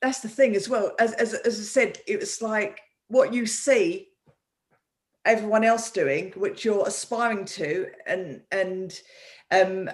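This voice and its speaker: A woman hosting a live online talk as a coach, animated and often restarting her sentences over a video call. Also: mid-range voice. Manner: animated, with many repeated restarts. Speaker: host and coach.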